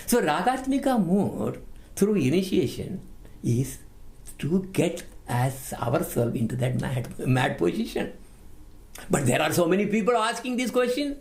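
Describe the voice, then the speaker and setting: A man's voice: on the high side, unhurried, gravelly. A man giving a devotional class lecture, emphatic and given to repeating his words. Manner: animated, emphatic, repeats words while teaching. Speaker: spiritual teacher.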